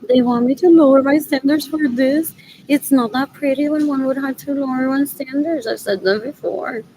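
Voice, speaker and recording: A woman's voice: high voice, normal speed, dark tone, slight background noise, rough recording. A woman talking in a rambling monologue, repeating phrases again and again and switching between English and Spanish.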